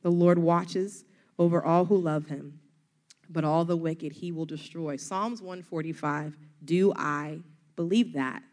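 A woman's voice: sits low, steady tone, unhurried, darkish tone. A middle-aged woman with a Southern US accent, preaching an earnest, encouraging sermon full of rhetorical questions.

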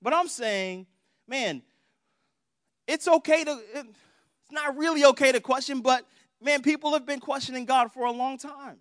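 A man's voice: extremely high pitch, unhurried, pauses often, a bit bright, no room sound, studio quality. A young adult man preaching a sermon in a conversational way, acting out prayers in different voices. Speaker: pastor.

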